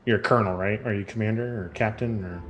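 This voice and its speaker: A man's voice: fairly low pitch, fairly even intonation, fast talker, fairly bright tone. A man playing a tabletop game, speaking casually with fillers. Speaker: player.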